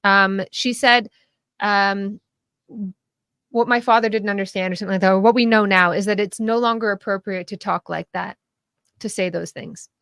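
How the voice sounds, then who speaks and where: Podcast guest, female, animated and chatty, breaks into laughter, restarts her sentences, dry close mic. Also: mid-range voice, moderate pace, smooth, dry recording. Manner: animated, laughing often, many restarts and fillers. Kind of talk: casual political discussion.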